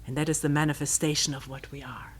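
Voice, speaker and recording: Woman reading a spiritual commentary, lowish voice, slips into breathy near-whispers, a bit wry. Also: level tone. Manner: slow and thoughtful, dropping often to a hushed, breathy near-whisper; wry, with soft laughs. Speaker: meditation teacher. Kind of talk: reflective retreat talk, reading a commentary aloud.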